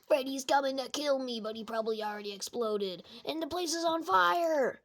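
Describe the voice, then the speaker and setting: A woman putting on a panicky, goofy young man. His voice is pitched up and talks fast and frantic. It has a slight gravelly crackle. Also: fairly bright tone. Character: panicky young man, later a joking skeleton.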